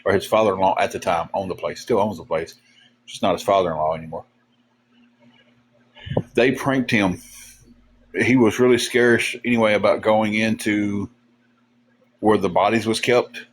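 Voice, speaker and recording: A man's voice: lowish voice, husky. A man, co-hosting a casual livestream, telling folksy, rambling stories full of fillers and sounding a bit tired. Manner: drawn-out, tired. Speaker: livestream co-host. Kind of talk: casual livestream chat, storytelling.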